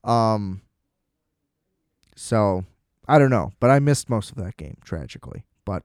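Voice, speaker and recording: A man's voice: on the low side, animated, unhurried, darkish tone, no echo. Man, casual solo sports rant, profane and sarcastic, clean dry voice. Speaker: sports commentator.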